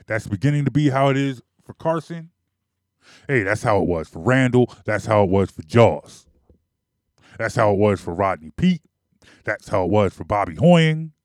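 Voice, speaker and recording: A man's voice: fairly low pitch, animated, normal speed, a little mellow, no echo, clean studio sound. Emphatic man ranting about sports. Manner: emphatic, repetitive, argumentative. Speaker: sports commentator. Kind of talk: opinionated sports monologue.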